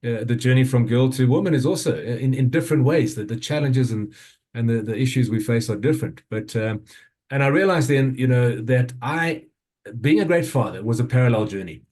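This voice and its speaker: A South African man in his fifties, speaking at a summit and sharing a personal story in an earnest, halting way, with frequent restarts and fillers. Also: medium pitch, darkish tone.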